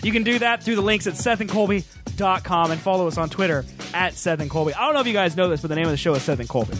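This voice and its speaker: A young man with a high, lively voice co-hosts a live streamed chat show. He jokes around in a laid-back way and keeps calling people dude. Music runs underneath the whole time. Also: rapid-fire. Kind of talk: casual chat reacting to music videos.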